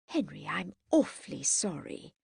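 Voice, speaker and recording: A woman's voice: low voice, sing-song, measured pace, gravelly, darkish tone, breathy edge, dry recording, clean studio sound, heavily acted. A woman voicing an earnest and flustered young Edwardian lady who speaks in a pleading way.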